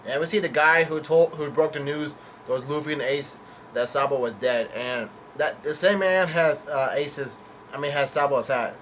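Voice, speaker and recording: A man's voice: a little high, normal speed, a bit bright, a little hiss or hum. Hesitant man recapping a comic chapter. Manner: hesitant, full of fillers and self-corrections, casual swearing. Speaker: manga chapter reviewer. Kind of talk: casual chapter recap read-through.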